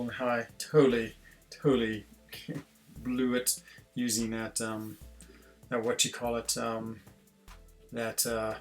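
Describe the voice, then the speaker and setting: Gravelly-voiced man streaming a game. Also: mid-range voice. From Switzerland. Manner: chatty, self-deprecating, reads chat aloud. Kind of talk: casual gameplay stream chat.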